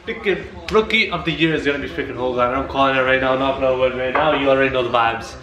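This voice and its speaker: A man reacting live to a hockey game, shouting, cheering and swearing. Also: medium pitch, quick pace, reverberant, lo-fi sound, crowd noise.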